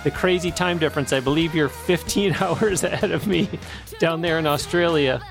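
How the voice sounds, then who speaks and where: A male interview host with a slightly high voice introduces his guest in a polished, announcer-like way. Guitar music plays clearly behind him. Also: normal speed. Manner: polished, friendly announcer-like delivery. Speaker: podcast host. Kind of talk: interview hosting.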